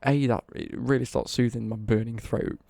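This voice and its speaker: Young English male streamer, dark husky gravel, casual rambling anecdote, swears freely. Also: medium pitch, steady tone, normal speed, dry recording. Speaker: livestreamer. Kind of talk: casual storytelling on a livestream.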